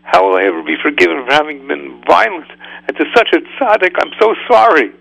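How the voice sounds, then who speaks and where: A man's voice: a little high, brisk, gravelly, fairly bright tone, no echo, voice pushed up, heavily acted, poor audio. A man voicing a distraught woman who pleads and apologizes in pain and anguish. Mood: anguished apology.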